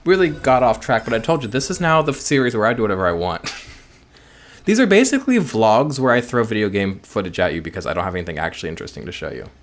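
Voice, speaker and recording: A man's voice: fairly low pitch, sing-song, fast talker. An American man giving rambling, joking commentary over gameplay. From United States. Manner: rambling, joking asides and self-mocking chatter. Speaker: let's play host.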